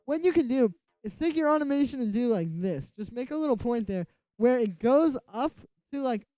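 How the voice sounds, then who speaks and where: Over loud electronic music from a track playing beneath him, a man with a very high-pitched, expressive voice teaches music production at normal speed. It's a casual screen-recorded tutorial, and he rambles, packing his talk with "like."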